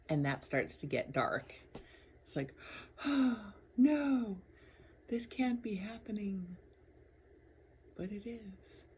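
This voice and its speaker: A woman talking candidly in a personal video diary, rambling and laughing often between thoughts. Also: extremely low pitch. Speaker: vlogger.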